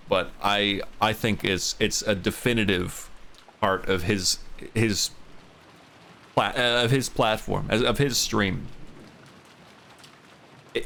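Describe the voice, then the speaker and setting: Streamer guy, low gravelly voice, rambly chill chat. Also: fairly bright tone, a little hiss or hum. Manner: rambling, laughing, many restarts. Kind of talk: casual chat during a game stream.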